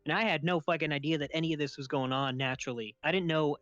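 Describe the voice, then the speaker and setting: A young man hosting a podcast, telling a long story in casual, animated chat, laughing and swearing freely. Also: a little high, fast, dry recording, soft background music. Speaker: podcast host. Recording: dull lo-fi dry sound.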